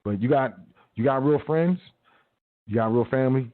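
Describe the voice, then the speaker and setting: A man's voice: medium pitch, moderate pace, no room sound. A man hosting a radio show, giving casual motivational talk in a slangy big-brother tone, acting out little quotes. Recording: tinny phone-like audio.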